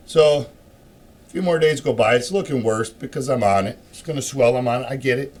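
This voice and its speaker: A middle-aged man telling a rambling, profane story in a casual rant, swearing often and getting louder and more worked up as he goes. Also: medium pitch, brisk. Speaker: show host.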